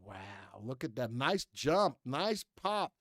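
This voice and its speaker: Hosting a live stock market show, this American man has a fairly high voice, speaks slowly, and sounds very animated and a bit bright. He chats casually, reading headlines out loud and breezing past sections with a "blah, blah." The studio-quality audio has no echo.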